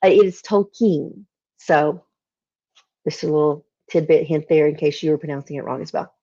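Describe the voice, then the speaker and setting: A woman with a Southern American accent, teaching a poetry lesson online, explaining patiently and reading verses slowly. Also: sits low, steady tone, dark tone, muffled recording. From Southern United States. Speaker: literature teacher. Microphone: video call.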